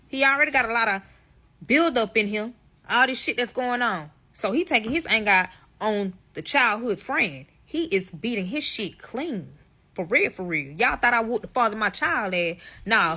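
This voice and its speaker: A young woman spins a dramatic personal story for her followers, cursing freely and hammering every point home. Her voice rings bright and a little sharp, and she talks right to the camera as if to friends. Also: mid-range voice. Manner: profane, blunt and emphatic, addresses viewers directly. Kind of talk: casual storytime vlog.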